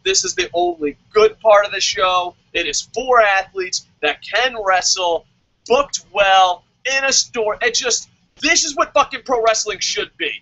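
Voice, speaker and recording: A man's voice: high-pitched, expressive, unhurried, sharp tone, no echo, highs cut off. A man giving a profane, sarcastic rant while reviewing wrestling shows as a vlogger. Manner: swears constantly, sarcastic.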